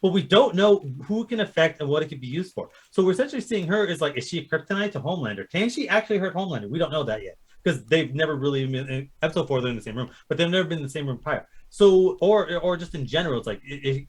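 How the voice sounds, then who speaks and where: A man with a slightly high voice rattles through a casual TV recap at speed. His pitch leaps around as he acts out the characters' lines. He swears freely and stays loose and conversational. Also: lively intonation, rapid-fire, few pauses. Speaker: podcast co-host. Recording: livestream podcast.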